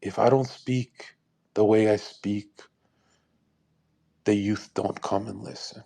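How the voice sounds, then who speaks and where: A man's voice: lowish voice, fairly even intonation, takes it slowly, gravelly, mellow. A young man in his twenties hosting a live audio room, talking in a crude, combative and boastful way. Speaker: livestream host.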